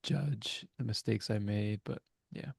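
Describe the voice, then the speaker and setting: A man's voice: lowish voice, a little slow, vocal fry, darkish tone, husky, no room sound, studio quality. A young adult man co-hosting a casual reflective chat over a video call, talking in an earnest, rambling way as he searches for words. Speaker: co-host.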